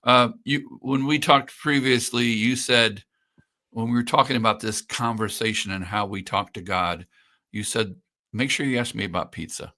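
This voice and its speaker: A man's voice: medium pitch, fairly even intonation, moderate pace, bright, forceful tone. A man hosting a live-streamed interview, speaking easily to the viewers and to his guest. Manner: easygoing, addresses viewers directly. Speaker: host and interviewer.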